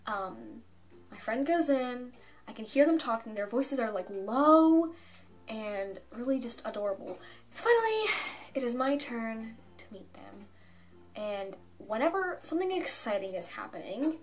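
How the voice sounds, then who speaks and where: A young woman telling a rambling, excited story for her vlog at home, full of "like" and asides. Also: on the high side, unhurried, faint music behind. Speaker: fan vlogger.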